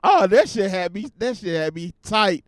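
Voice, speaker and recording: High, lively man ranting on a podcast. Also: normal speed, no room sound, studio quality. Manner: profane, animated ranting. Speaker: podcast host. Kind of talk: casual solo podcast commentary.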